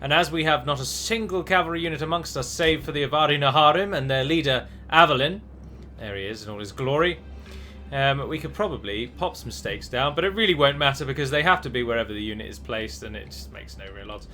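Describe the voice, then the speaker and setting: A man's voice: medium pitch, animated, quick pace, bright, forceful tone. A man hosting a strategy game let's play, chatty and rambling, with restarts and the odd dramatic flourish. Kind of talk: game commentary.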